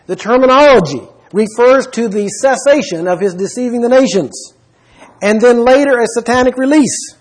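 A man delivering a Bible teaching sermon in a high, husky voice. He speaks emphatically, stops to put questions to his listeners and lists scripture references one after another. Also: expressive, moderate pace, rough recording. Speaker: preacher.

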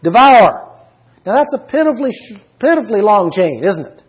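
A man delivering a Bible teaching sermon in a high, husky voice. He speaks emphatically, stops to put questions to his listeners and lists scripture references one after another. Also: sing-song, fast, darkish tone, low-quality recording. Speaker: preacher.

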